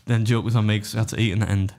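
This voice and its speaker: Fast-talking man telling stories. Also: fairly low pitch, level tone, a little mellow, slight background noise. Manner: rapid anecdotal storytelling, acting out others' quotes; swears freely. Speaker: podcast co-host and competitive eater. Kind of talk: casual podcast chat.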